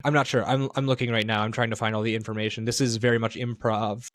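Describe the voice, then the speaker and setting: A man's voice: on the low side, flat delivery, fast, a bit bright, dry recording. Rambling man in a dry podcast chat. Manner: rambling, self-correcting, thinks aloud. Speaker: podcast co-host. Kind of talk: casual podcast discussion.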